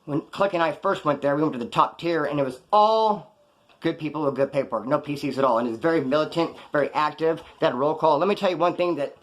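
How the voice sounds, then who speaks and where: A man who served time recounting his prison days in casual storytelling, blunt and profane, with animated jumps in pitch for emphasis. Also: quick pace. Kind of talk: casual first-person storytelling.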